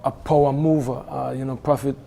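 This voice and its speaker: Man with a dark, mellow voice. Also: medium pitch, fairly quick, gravelly. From Belize. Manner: animated, with many fillers and restarts. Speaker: music event organizer. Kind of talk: casual studio conversation.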